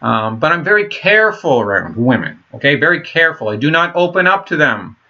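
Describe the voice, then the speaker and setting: A man rambles through a casual vlog monologue in a bright, forceful voice. He talks in halting, profane bursts and restarts often. The recording is muffled and lo-fi. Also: a little high, sing-song. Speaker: vlogger.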